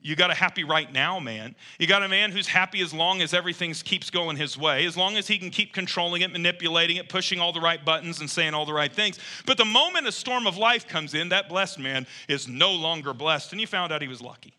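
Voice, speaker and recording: Male pastor, sermon delivery; high, piercingly bright tone, conversational with emphatic swells. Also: fairly quick, hardly any pauses. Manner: emphatic preaching, swings from quiet asides to loud bursts; conversational, quotes imagined listeners.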